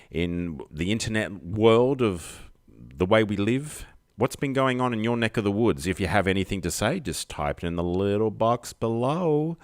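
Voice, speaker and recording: A man's voice: on the low side, dry recording, studio quality. An Australian man hosting a casual live stream, rambling through jokey, chatty asides to his viewers. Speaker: host.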